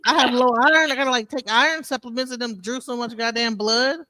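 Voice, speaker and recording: A woman's voice: fairly high pitch, fairly even intonation, fast talker, a loud crowd. A woman, talking as a guest in a casual chat, insistent and heavy on swearing. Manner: insistent, profane, heated.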